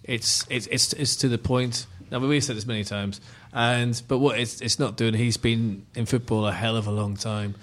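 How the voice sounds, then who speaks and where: A man speaking bluntly and quickly on a casual football podcast. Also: medium pitch, fairly even intonation, a bit bright. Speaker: podcast panelist.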